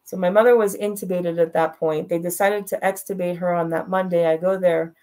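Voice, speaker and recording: A woman's voice: fairly low pitch, steady tone, fairly quick, a little mellow. A woman guest in an interview, telling a personal story in a frank, blunt way and laughing through the hard parts.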